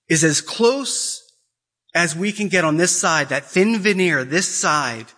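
Bright and pushed, this man's slightly high voice drives an impassioned Catholic talk. He presses his points hard, repeating questions for effect.

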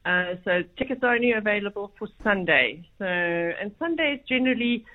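A woman speaks as a guest in a radio interview, talking in a friendly, enthusiastic way. Her pitch is ordinary and middle. She comes through a narrow, tinny phone line. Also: lively intonation, a little fast. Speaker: guest, tourism head.

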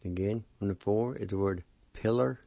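A man teaching a vocabulary lesson, spelling and pronouncing each word slowly and patiently, repeating it several times. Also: on the low side, gravelly, mellow, dry recording. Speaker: language teacher. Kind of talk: slow spelling and pronunciation lesson. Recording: dull lo-fi recording.

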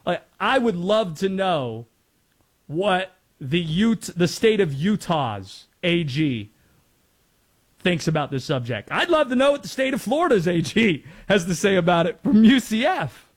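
A man's voice: high voice, very animated, measured pace. A man from North Carolina hosting sports talk radio in a chatty way, laughing easily and wandering into asides.

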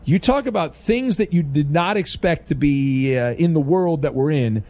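A man's voice: on the high side, lively intonation, moderate pace, darkish tone. A middle-aged man hosting a sports talk radio show, wry and rambling as he riffs on the news.

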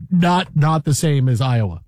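A man hosting a talk radio show, bantering playfully with co-hosts, laughing often and slipping into quick impressions. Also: on the high side, animated, darkish tone, no room sound, clean studio sound. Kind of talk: casual sports radio banter.

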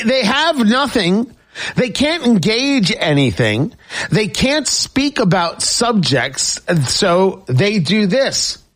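A man's voice: high voice, fairly bright tone. A man hosting a political talk radio show, emphatic and repetitive, also reading sponsor ads.

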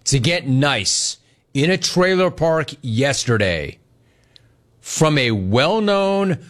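A man hosting a sports talk show, ranting in a sarcastic, mocking, animated way. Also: fairly high pitch, slow pace. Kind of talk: comedic sports commentary rant.

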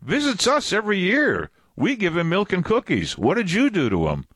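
A chirpy green cartoon alien, as a male preacher puts him on, sounding innocent and puzzled. The voice jumps high above the speaker's normal register. The recording is dry and close. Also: huge pitch swings, moderate pace, a bit bright, husky, no room sound, full character voice. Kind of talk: sermon anecdote.

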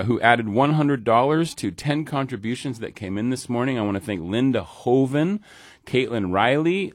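A man hosting a local public radio pledge drive in the studio, chatting casually with a deep morning voice. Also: no room sound. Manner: relaxed, chatty, with fillers. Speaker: radio host. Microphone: studio mic.

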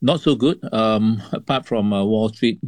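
A man appearing as a radio guest who talks about the markets in a measured way, with many fillers. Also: on the low side, no echo. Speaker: wealth management guest.

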